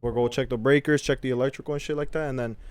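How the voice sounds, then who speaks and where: A man's voice: mid-range voice, steady tone, racing. A man co-hosting a casual podcast, talking in a laid-back, profane way with lots of fillers. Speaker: podcast co-host.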